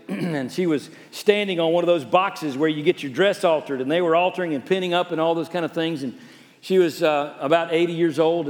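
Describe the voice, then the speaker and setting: A male pastor preaching a storytelling sermon, turning from emphatic to soft and hushed. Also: a little high, in a large hall.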